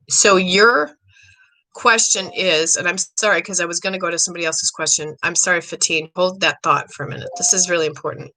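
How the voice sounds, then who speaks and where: Chatty bright-voiced woman psychic host. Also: on the low side, rough recording. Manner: chatty, rambling, excitable, frequent throat clearing. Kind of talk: live-stream reading.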